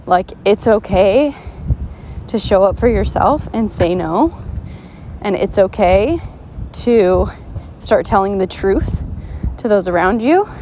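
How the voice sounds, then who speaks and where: Woman podcast host, mid-pitched, casual and earnest, encouraging tone with frequent fillers. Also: background noise. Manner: chatty, many "like" fillers and restarts. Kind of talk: casual motivational podcast talk.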